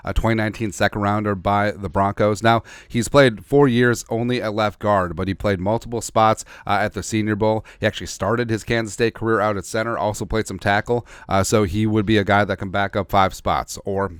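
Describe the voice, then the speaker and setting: A man's voice: lowish voice, steady tone, a little fast, few pauses, smooth, no room sound, clean studio sound. A man hosting a sports podcast, giving blunt, sarcastic, opinionated commentary in a ranting manner. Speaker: podcast host.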